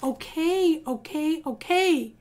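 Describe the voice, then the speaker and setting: A woman voicing a kind young girl hippo in a storybook read-aloud, gentle and earnest. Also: high-pitched, lively intonation, slow pace, pitched above the performer's own voice.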